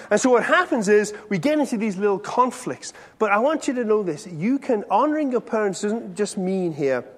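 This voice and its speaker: A middle-aged male pastor preaches in a bright, fairly high voice that climbs and falls with animation. He talks to the congregation conversationally, quizzing them directly, with a long reverb from the hall around him. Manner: conversational, questions the audience directly. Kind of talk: sermon to a congregation.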